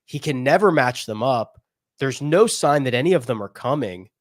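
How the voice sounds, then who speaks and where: A man co-hosting a podcast, talking through golf betting picks in a rambling, animated way with laughs in between. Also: medium pitch, moderate pace, no echo, studio quality. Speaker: podcast co-host. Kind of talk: casual golf betting chat.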